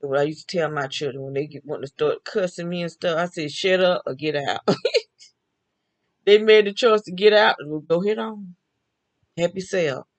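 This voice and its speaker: This older vlogger speaks in a lowish voice at a moderate pace, leaving long pauses, and the recording quality is poor. Chatty and quick to laugh, she tells family stories on camera by herself, even answering her own remarks.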